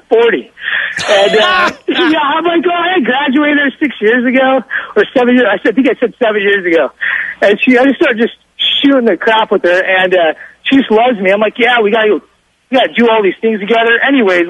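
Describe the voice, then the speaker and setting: A young male caller, boastful and excitable, with a fairly high, husky voice. He speaks on a dry, close phone line with little room sound. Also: dry recording. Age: young adult. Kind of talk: casual storytelling on a call-in show.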